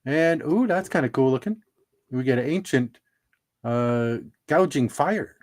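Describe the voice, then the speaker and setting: A man's voice: medium pitch, lively intonation, a little slow, darkish tone. A middle-aged man hosting a casual livestream, chatting and laughing at his own jokes while opening trading cards.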